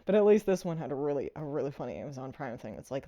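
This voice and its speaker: A woman's voice: very deep voice, big pitch swings, racing, hardly any pauses, mellow. A woman giving a casual, rambling movie review, full of fillers and frequent laughter.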